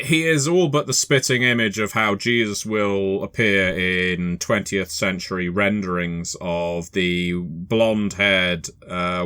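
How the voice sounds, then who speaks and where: A man narrating a tabletop horror game as game master. His delivery is measured and unhurried. The voice sits low but sounds bright and forceful. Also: smooth, no room sound.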